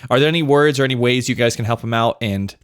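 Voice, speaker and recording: A man's voice: medium pitch, quick pace, clean tone, no room sound, clean studio sound. Man steering a comedy podcast. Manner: earnest, steers the conversation. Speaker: podcast co-host. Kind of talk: casual comedic chat.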